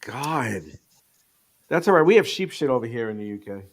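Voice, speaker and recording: A man's voice: mid-range voice, very animated, moderate pace. A man who teaches games art, chatting casually, tired and swearing casually. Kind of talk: casual chat.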